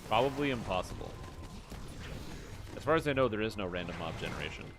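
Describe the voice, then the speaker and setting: A man's voice: on the low side, animated, quick pace, noisy background. A man streaming a game, chatting casually, joking around and answering his chat in a rambling way. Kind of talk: casual gameplay commentary.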